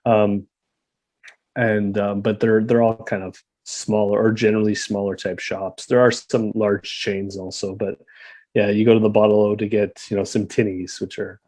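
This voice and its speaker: A man's voice: on the low side, level tone, normal speed, a little mellow. A man in his thirties with a Canadian accent, chatting casually on a podcast and explaining local slang with easy laughs. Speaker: podcast co-host living in Australia. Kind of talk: casual chat.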